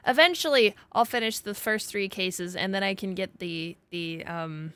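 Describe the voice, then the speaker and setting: Excitable, foul-mouthed young woman streamer. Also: mid-range voice, moderate pace, smooth, dry recording. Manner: excitable, swears a lot, laughs often. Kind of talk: casual let's-play commentary.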